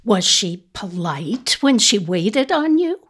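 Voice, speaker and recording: An actress playing a mother who gently questions her son about his crimes in a soft, hushed voice. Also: medium pitch, big pitch swings, takes it slowly, full character voice. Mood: probing. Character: mother quietly coaxing her son's confession. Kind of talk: audio drama acting.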